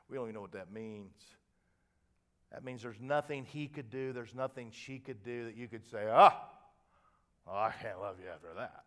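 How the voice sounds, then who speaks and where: Emphatic older male preacher. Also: on the low side. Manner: animated storytelling, swinging from quiet asides to loud emphatic lines; repeats and restarts words when fired up. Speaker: pastor. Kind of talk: sermon.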